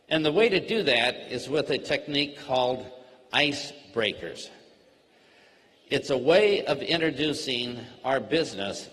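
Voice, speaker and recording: A man giving a network marketing training, speaking slowly and simply and acting out short sample dialogues. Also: mid-range voice, expressive, a bit bright. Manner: slow, plainly worded, acts out sample dialogue. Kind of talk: slow, simple teaching talk. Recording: long hall reverb.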